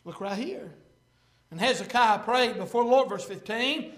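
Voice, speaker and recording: High-voiced impassioned preacher in echoey church. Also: male voice, moderate pace. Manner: impassioned, swells to shouting, frequent uh fillers. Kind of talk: sermon with scripture reading. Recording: echoey room.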